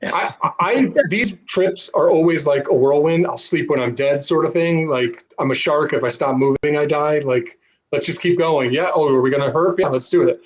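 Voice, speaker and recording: A man's voice: fairly high pitch, moderate pace, poor audio. A man co-hosting a casual podcast, telling rambling self-deprecating stories. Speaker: co-host.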